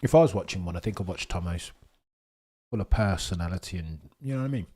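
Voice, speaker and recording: A man's voice: low-pitched, lively intonation, fast talker, warm tone, husky. A young British man streaming live, chatting and bantering cheekily with his viewers. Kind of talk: casual live-stream chat.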